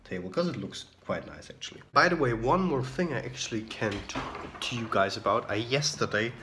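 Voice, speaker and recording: رجل يتحدث بعفوية أمام الكاميرا في غرفة ذات صدى. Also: male voice, mid-range voice, expressive, a little fast, background noise. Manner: chatty, opinionated, self-deprecating. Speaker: vlogger. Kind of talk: casual vlog chat to camera. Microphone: camera mic. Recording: roomy echo.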